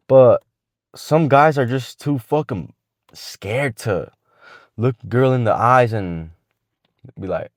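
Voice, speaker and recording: A man's voice: mid-range voice, no room sound, studio quality. A man giving casual dating advice to the camera, talking in slang and swearing freely as he rambles along with restarts.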